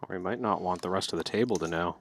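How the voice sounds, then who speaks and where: A man's voice: low voice, quick pace. A man co-commentating live poker, dry and bantering while breaking down hands.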